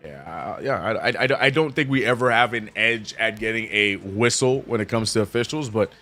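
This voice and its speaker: A man hosting a casual live watch-along stream, reading viewer chat aloud and reacting with sudden high exclamations. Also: moderate pace, pushed and bright, soft background music. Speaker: streamer host.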